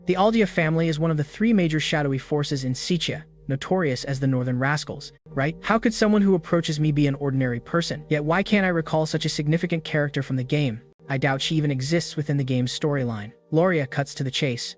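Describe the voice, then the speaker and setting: A man narrating a fantasy story in first person, in a steady scripted recap style. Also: a little high. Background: background music.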